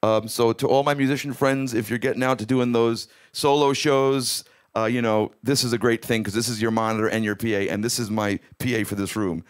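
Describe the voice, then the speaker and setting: A man's voice: medium pitch, steady tone, fairly quick, few pauses. A man hosting his own music live stream from a home room, chatting casually and rambling as he greets viewers by name.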